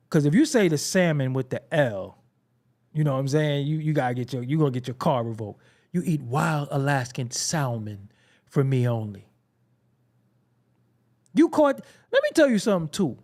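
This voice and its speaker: A man's voice: mid-range voice, normal speed, long pauses. A man hosting a hip-hop commentary show, ranting in a casual, profane, comedic way with frequent laughter. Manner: profane, animated, laughing often, mocking imitations.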